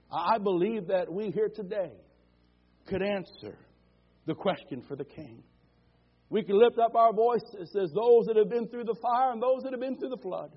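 In a church sanctuary, a male pastor delivers a fervent sermon in a high, slightly rough voice at an ordinary pace. He calls for amens and builds toward repeated declarations, captured on a dull, lo-fi church recording.

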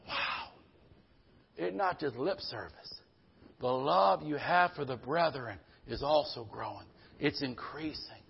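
A man preaching a sermon, emphatic, calling out to the congregation and swinging between loud bursts and quiet low passages. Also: expressive, unhurried, gravelly, breathy edge, dull audio. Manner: emphatic, calls out "Amen?" to the congregation.

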